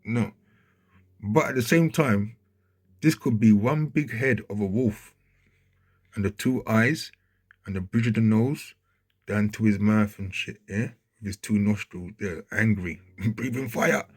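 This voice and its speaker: A man commenting casually over a video he plays, growing excited and checking in with the listener as he points things out. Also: on the low side, measured pace, long pauses. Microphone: handheld mic.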